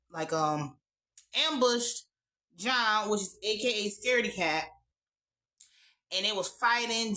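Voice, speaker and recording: A woman recapping a TV episode in a blunt, profane, animated casual style with lots of asides. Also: medium pitch, low-quality recording. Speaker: TV show reviewer.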